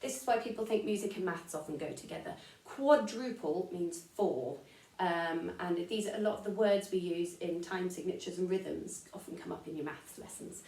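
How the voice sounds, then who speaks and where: A woman's voice: on the low side, dark tone, far from the mic. A woman with an English accent teaching a string class, explaining beats and counting the rhythm aloud. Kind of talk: online music lesson. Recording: echoey room, voice from off-mic. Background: violin playing.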